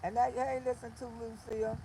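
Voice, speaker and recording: An older woman hosting a livestream, talking casually in a blunt, animated storytelling way. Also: on the high side, a little fast, slight background noise, poor audio. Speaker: livestream host.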